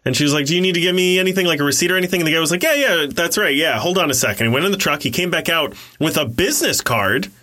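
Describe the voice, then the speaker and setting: A man co-hosting a podcast, telling animated stories and laughing often, and saying he is exhausted. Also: fairly high pitch, very fast, hardly any pauses. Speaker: podcast co-host. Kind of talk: casual storytelling.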